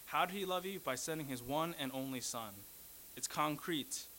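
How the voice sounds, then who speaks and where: A man's voice: a little high, normal speed, pushed and bright, a little hiss or hum, low-quality recording. A man preaching a sermon, teaching earnestly, repeating key phrases and correcting himself mid-sentence.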